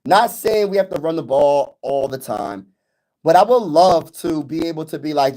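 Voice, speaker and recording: A man hosting a casual sports fan livestream, talking excitedly and repeating himself, calling viewers y'all and bro, recorded on a phone with no external mic that crackles when he gets loud. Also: moderate pace. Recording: audio crackles on louder high notes.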